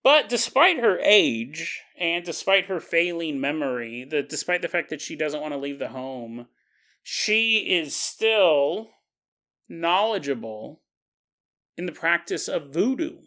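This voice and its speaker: A man hosting a podcast, telling a story in a casual, animated way and joking and laughing as he goes. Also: a little high, slow pace. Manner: animated, jokey, laughs often. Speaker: podcast host.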